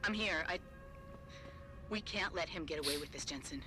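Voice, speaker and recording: An insistent female pilot from a video game , voiced by a woman, pressing her point with urgency. Her voice sits fairly low for a woman, with game music playing behind her. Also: normal speed, lightly acted. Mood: urgent.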